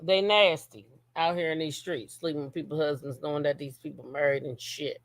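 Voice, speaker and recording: A woman's voice: low-pitched, fairly even intonation, fairly quick, no echo. A woman hosting a casual gossip commentary show. She talks straight at her viewers, blunt and profane, and keeps checking in with "okay?". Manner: reads a long text message aloud.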